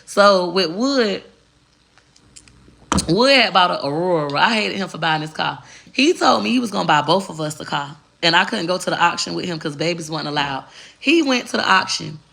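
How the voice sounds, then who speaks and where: A woman's voice: on the low side, animated, moderate pace, vocal fry, fairly bright tone. A woman vlogger telling a personal story in a candid, blunt and profane way. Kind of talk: casual storytelling to camera.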